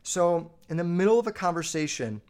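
A man's voice: fairly high pitch, lively intonation, fairly quick, darkish tone. A man hosting his own podcast, telling family stories in a loose, profane, filler-heavy way. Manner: swears constantly, lots of fillers. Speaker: podcast host. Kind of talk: casual storytelling.

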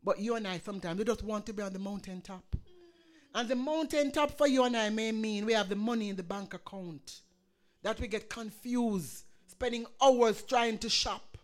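A woman's voice: medium pitch, normal speed. A woman preaching a sermon, quoting scripture and building to fervent emphasis.

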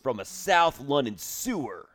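A man co-hosting a podcast, trading goofy deadpan jokes in casual chat. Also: mid-range voice, measured pace, no room sound, clean studio sound. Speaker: podcast co-host.

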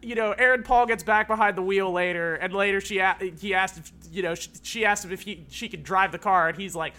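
A high-voiced man chatting on a podcast. He rambles and restarts, leaning heavily on filler words and swearing casually. His tone is bright and sharp. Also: a little fast. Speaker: podcast co-host. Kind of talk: casual chat.

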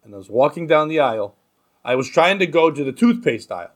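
A man's voice: a little high, very animated, fast. A man hosting a casual comedy podcast, telling crude jokes and stories. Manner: crude joking storyteller. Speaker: podcast host.

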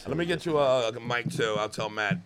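A man's voice: medium pitch, brisk, a crowd in the background. A man hosting a comedy podcast in a studio, teasing his guests crudely and laughing a lot. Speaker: podcast host. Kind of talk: casual comedy podcast banter.

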